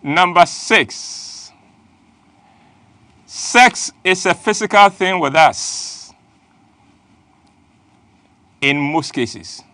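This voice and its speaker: A man's voice: a little high, lively intonation, drawn-out words, long pauses, bright, forceful tone, dry recording. A middle-aged man, hosting a playful, emphatic motivational talk. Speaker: host.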